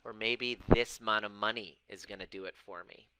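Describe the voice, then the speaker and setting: Man, 40s, self-help coach to camera, emphatic and deliberate, lowish bright voice. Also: fairly even intonation, slight background noise, rough recording. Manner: emphatic, stretches key words slowly, repeats and restarts. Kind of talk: monologue to camera. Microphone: camera mic.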